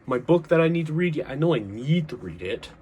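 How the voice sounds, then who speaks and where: A man voicing a procrastinating man with a New York accent who keeps making excuses, loud and whiny. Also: on the high side, lively intonation, fairly quick, slight background noise, pitched above the performer's own voice, lightly acted.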